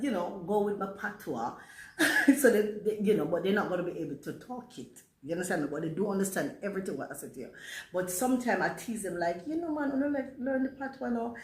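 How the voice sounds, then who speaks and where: A woman in her forties with a Jamaican accent tinged with British, telling a rambling storytime monologue and mixing patois into her English. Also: fairly low pitch. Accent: Jamaican, mixed with British. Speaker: vlogger. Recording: roomy echo.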